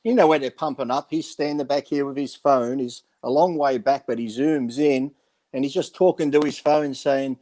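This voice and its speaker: A man's voice: medium pitch, normal speed, a little mellow. A man on a podcast, a former bodybuilder, telling rambling backstage stories, swearing freely and acting out what others said. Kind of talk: casual chat, storytelling.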